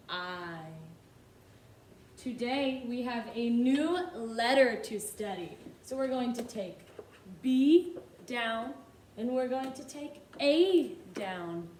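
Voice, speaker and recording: A woman teaching a phonics lesson to young children, drawing out sounds in a slow sing-song manner. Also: a little high, roomy sound, slight background noise. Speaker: kindergarten teacher.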